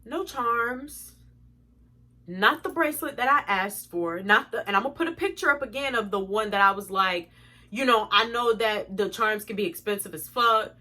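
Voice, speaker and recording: A young woman telling an exasperated storytime to her viewers, animated and swearing freely. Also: mid-range voice, fairly quick. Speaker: vlogger. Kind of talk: storytime vlog.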